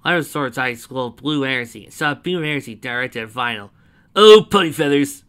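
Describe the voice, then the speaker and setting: A man's voice: medium pitch, fast, sharp tone, clear, resonant tone. A man reading a fanfiction story aloud, adding chatty asides between the narration.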